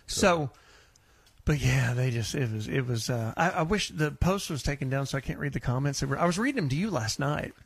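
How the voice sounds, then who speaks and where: A man's voice: medium pitch, lively intonation, brisk, vocal fry, slightly rough, no echo. A man hosting a casual conversation, rambling and repeating words as he tells stories. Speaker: show host and building restorer.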